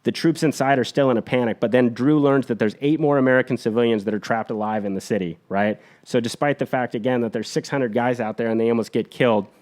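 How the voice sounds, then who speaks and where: A man on a podcast retelling a war story in an energetic, blunt, profane way. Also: mid-range voice, fast, few pauses.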